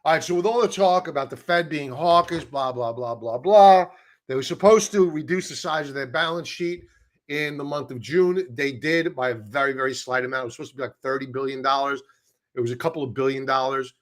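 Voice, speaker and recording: A man's voice: mid-range voice, fairly quick, fairly bright tone. A man hosting a live stock-chart stream, talking in a chatty, sarcastic way with many asides. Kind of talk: casual live-stream commentary.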